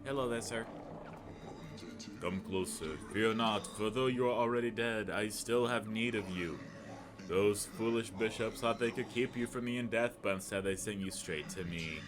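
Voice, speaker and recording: A man voicing a low, menacing imprisoned god. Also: normal speed, music in the background, natural voice. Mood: commanding. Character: ancient imprisoned male god, commanding and cold.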